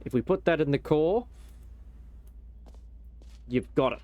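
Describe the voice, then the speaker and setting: A man's voice: a little high, expressive, measured pace, no echo, phone-quality sound. Rambling young man streaming a game. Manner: rambling, joking, swears casually. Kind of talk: casual gameplay commentary.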